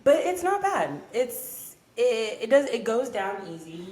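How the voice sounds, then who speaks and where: A woman's voice: fairly high pitch, sing-song, measured pace, darkish tone, roomy sound. A tipsy woman co-hosting a podcast from home, chatting in a laid-back way and swearing freely. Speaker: podcast co-host. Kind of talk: casual chat.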